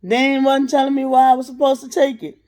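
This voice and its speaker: A young adult woman telling a profane, animated storytime rant as a vlogger, laughing and acting out voices. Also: sits high, quick pace.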